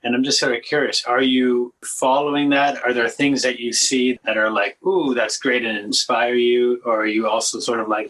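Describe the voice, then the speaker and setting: A man's voice: mid-range voice, little pitch movement, moderate pace, hardly any pauses, fairly bright tone, poor audio. A man hosting a podcast interview, asking curious, informal questions. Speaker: podcast host. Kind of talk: casual interview.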